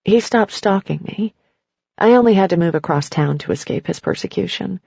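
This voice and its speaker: A woman's voice: mid-range voice, animated, normal speed, vocal fry, warm tone, breathy edge, no room sound, highs cut off, exaggerated voice. A woman reading the words of a woman who escaped a stalking ex-husband, matter-of-fact.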